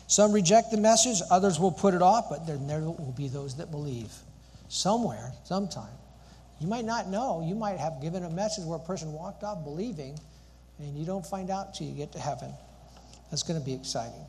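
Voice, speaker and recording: A man's voice: a little high, animated, moderate pace, a little mellow. A man preaching a sermon in a church hall, earnest and full of rhetorical questions. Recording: long hall reverb, faint background noise.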